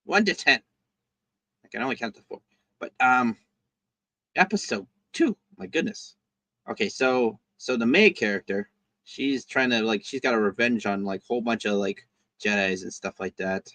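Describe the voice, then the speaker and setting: Host note: man, rambling casual reviewer, bright forceful voice, dry close mic. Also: medium pitch, animated, no room sound. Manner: rambling, halting, with lots of fillers and restarts.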